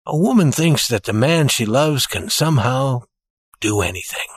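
A man reading a story aloud in a steady, expressive narrating style. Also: mid-range voice, normal speed, slightly rough, no room sound, clean studio sound.

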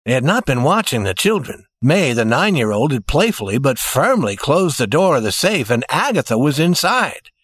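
A man reading a story aloud in a steady, expressive narrating style. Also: medium pitch, normal speed, hardly any pauses, breathy edge, dry recording, studio quality.

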